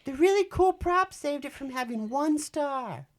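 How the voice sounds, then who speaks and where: Man putting on a nerdy young guy, high squeaky whine, far from the mic. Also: animated, unhurried. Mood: indignant. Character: nerdy nasal young male reviewer.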